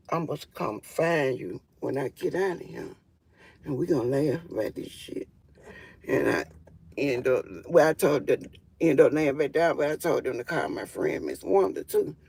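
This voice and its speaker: A woman's voice: sits low, gravelly, darkish tone, slightly rough. A woman telling her own story in a casual live stream on her phone, emphatic, with frequent fillers. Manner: emphatic, with frequent fillers like "or whatever" and "you feel me".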